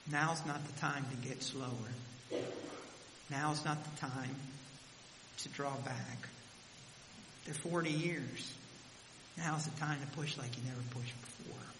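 A man preaching a sermon, telling the story dramatically, his voice rising and dropping with the scene. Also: fairly high pitch. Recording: echoey hall with faint hiss.

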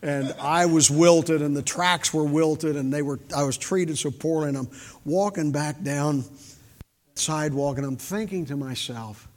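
An older man giving a sermon with folksy storytelling, shifting from loud emphasis to quiet, intimate moments. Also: a little high, a little slow. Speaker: preacher. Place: large church hall. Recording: reverberant church hall.

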